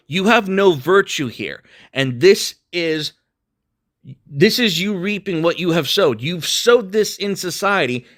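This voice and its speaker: A man's voice: sits high, fairly bright tone. Profane, combative man ranting. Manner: emphatic with repeated restarts. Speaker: political commentator. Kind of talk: ranting monologue to camera.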